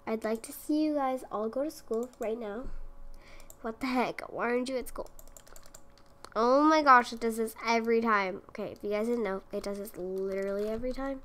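A woman's voice: fairly high pitch, normal speed, fairly bright tone, a little hiss or hum. A young woman giving casual gameplay commentary, often exasperated and talking to the characters on her screen. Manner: exasperated, talks to the game characters. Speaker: gaming video creator.

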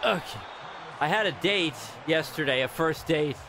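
A man giving loud, swearing commentary while playing a football video game, reacting to every play. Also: fairly high pitch, moderate pace, background noise. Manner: excitable, yells and swears at the game. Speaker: gamer streamer. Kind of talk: live gameplay commentary.

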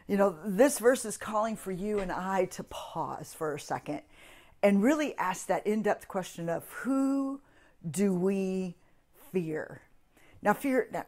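A woman's voice: medium pitch, expressive, slow pace, darkish tone. A woman giving a short devotional talk for a ministry, earnest, often repeating and restarting phrases as she builds emphasis. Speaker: ministry speaker.

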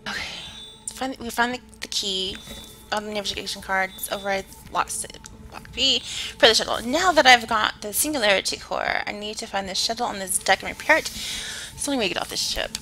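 A woman's voice: mid-range voice, bright, forceful tone. A woman streaming a horror game, chatting with viewers, swearing and easily startled. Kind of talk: casual live-stream commentary.

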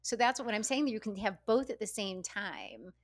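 A middle-aged woman, an author guest in an interview, speaking candidly and reflectively, often halting and repeating words as she thinks. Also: medium pitch, expressive, no room sound.

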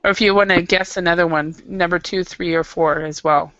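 A woman's voice: on the low side, steady tone, fairly quick, a bit bright, no echo, highs cut off. A woman teaching an English class, patient and explaining with frequent restarts. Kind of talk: classroom lesson.

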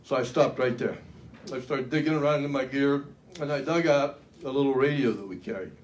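An older American man gives a keynote at a luncheon event hall, telling his story in a folksy, dramatic storytelling speech full of self-mocking humor. His medium-pitched voice moves fairly quickly, with slight background noise.

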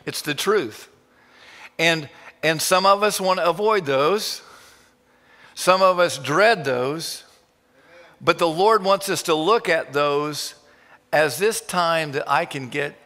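A male pastor delivers a sermon in a casual, stop-and-start manner, his voice fairly high and bright. A long church reverb trails every phrase. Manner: informal, halting with restarts.

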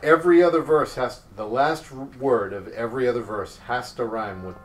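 A man's voice: mid-range voice, normal speed, soft background music. A man playing a video game with his child, chatting casually and joking around, often trying out French words. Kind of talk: casual gaming chat. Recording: distant mic with faint background noise.

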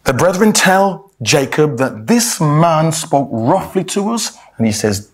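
Husky-voiced man preaching to a congregation. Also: a little high, very animated, takes it slowly, hardly any pauses. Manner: addresses listeners as brothers and sisters, restarts words, reads scripture aloud. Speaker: lay preacher giving a Bible talk. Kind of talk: sermon-style Bible exhortation.

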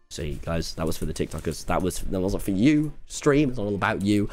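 A man's voice: mid-range voice, big pitch swings, faint music behind. A man with an English accent, chatting casually on a livestream while gaming, rambling and swearing as he rants. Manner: rambling, profane, quick to rant.

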